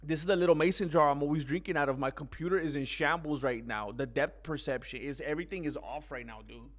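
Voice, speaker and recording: A man's voice: on the high side, quick pace. A man hosting a casual combat sports news vlog, rambling and slangy, calling his viewers "bro". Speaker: channel host.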